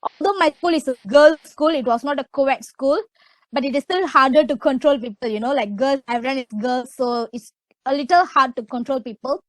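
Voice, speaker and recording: A young woman with a Malaysian English accent, giving a loud, emphatic motivational webinar talk. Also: high-pitched, fairly quick, no echo, poor audio. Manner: loud, emphatic, repeats "okay". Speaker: webinar speaker.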